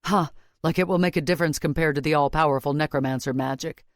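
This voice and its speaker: A woman's voice: sits low, unhurried, creaky, a little mellow, no room sound, studio quality, voice pushed down. A woman voicing a smug, taunting female warrior. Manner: taunting, scornful. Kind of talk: audiobook character voice.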